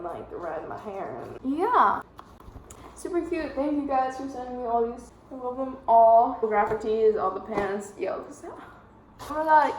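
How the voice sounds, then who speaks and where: A woman's voice: fairly high pitch, a little mellow, reverberant, a little hiss or hum, low-quality recording. A young woman chatting casually as she unboxes clothes, bubbly and playful, sometimes teasing her cat. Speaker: fashion vlogger.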